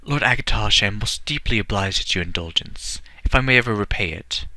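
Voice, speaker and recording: Eager boy prince, put on by a male narrator; pushed-up pitch, bright edge. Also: fairly quick, dry recording.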